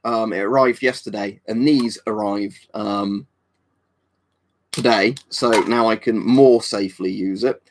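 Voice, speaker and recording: A man's voice: fairly low pitch, steady tone, measured pace, a little hiss or hum. An English man hosting a live stream, chatting casually and answering viewer comments in a rambling, offhand way. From England. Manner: rambling and offhand, with many fillers and restarts. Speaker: livestream host.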